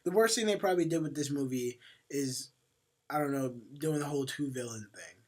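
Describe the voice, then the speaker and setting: A man's voice: medium pitch, lively intonation, a little fast. A young man co-hosting a casual podcast, joking and laughing a lot as he rambles through retellings. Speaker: podcast co-host. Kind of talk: casual chat.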